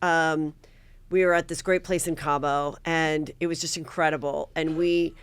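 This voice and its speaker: Female gossip-podcast host, animated storyteller, dry close sound. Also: low voice, normal speed, smooth, dry recording. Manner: animated storyteller acting out others' lines. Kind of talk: casual gossip chat, storytelling.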